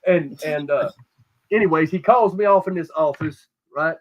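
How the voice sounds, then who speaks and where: A man's voice: a little high, moderate pace. A middle-aged man from South Texas with a Texan accent, telling a rambling, profane story full of restarts in casual podcast talk. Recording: dull lo-fi audio.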